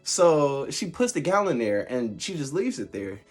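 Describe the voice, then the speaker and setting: A young man telling a casual, animated storytime on his vlog, full of filler words and laughter. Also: fairly high pitch, unhurried, husky, soft background music. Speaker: vlogger.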